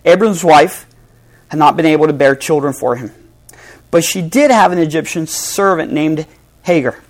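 A male pastor preaching a sermon to a congregation, swinging between loud emphasis and hushed, soft passages. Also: fairly high pitch, moderate pace. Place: church hall before a congregation.

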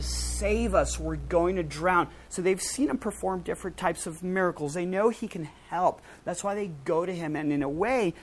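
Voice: medium pitch, a little hiss or hum, poor audio. A preacher giving a casual, conversational sermon, using slang and acting out quoted lines with a raised voice.

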